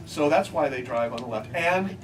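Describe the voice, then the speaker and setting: A man giving a comic talk at a book signing, telling deadpan anecdotes and jumping into high voices to mimic what others say. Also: moderate pace. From United States. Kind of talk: comic talk to a live audience. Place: bookstore event space, mixed with audience. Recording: distant mic, loud crowd and room noise. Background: audience laughter.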